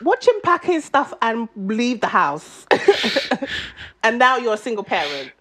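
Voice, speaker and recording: A woman, co-hosting a podcast, telling a story in lively, animated casual chat. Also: a little high, slow pace. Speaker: podcast co-host.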